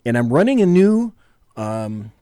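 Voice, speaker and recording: A man's voice: mid-range voice, sing-song, a little slow, dark tone, clear, resonant tone, no room sound. A man co-hosting a casual political talk show from a small studio, rambling and jokey, often correcting himself. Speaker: podcast co-host.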